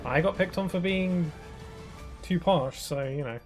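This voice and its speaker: A man's voice: high voice, measured pace, faint music behind. A British man who streams games, chatting casually with his viewers in a rambling way, restarting his sentences often. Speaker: game streamer. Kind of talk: casual live-stream chat while gaming.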